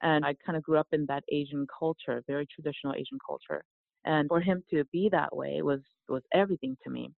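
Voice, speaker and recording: Gravelly speaker over a tinny line. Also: mid-range voice, brisk, dry recording. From South Korea. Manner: earnest, reflective, with restarts. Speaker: podcast guest, yoga teacher. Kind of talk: storytelling in conversation.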